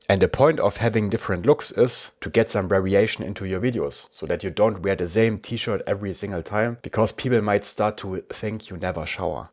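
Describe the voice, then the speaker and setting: A man with a German accent, casually walking viewers through a software tutorial with dry asides. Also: lowish voice. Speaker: tech reviewer. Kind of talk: screen-recorded software tutorial.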